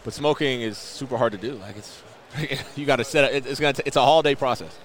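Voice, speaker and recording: Laid-back fast-talking guest man. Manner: laid-back, upbeat product pitch. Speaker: guest football player. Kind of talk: casual interview chat. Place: outdoor radio row booth.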